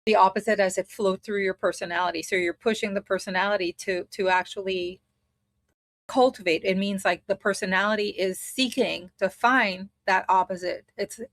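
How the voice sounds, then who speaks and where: A woman's voice: mid-range voice, steady tone, normal speed, dry recording. A woman teaching a spiritual study group in a casual way, thinking aloud as she explains a method step by step.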